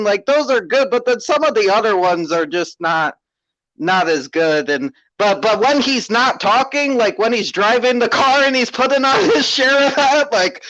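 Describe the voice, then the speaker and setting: A man talks as a guest on a podcast with a fairly high voice, recorded on dull, lo-fi audio. He chats casually and haltingly and laughs along. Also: expressive, bright, forceful tone. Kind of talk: casual chat.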